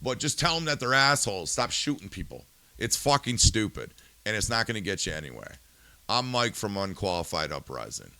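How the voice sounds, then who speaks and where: A man's voice: lowish voice, sing-song, a little fast, gravelly, bright, forceful tone, no room sound. A male podcast host in a profane ranting monologue, angry and swearing, firing rhetorical questions and then turning subdued and somber.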